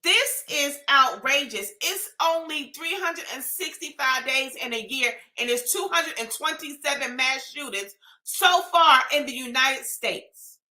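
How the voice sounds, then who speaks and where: A woman, pleading to camera in an impassioned, emotional vlog rant that rises to shouts. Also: high-pitched, expressive, unhurried, echoey room. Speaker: vlogger.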